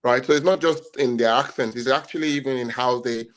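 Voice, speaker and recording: A man co-hosts a casual podcast debate, speaking in long, rambling turns packed with restarts and fillers. His voice is mid-range with fairly even intonation, and he talks a little fast.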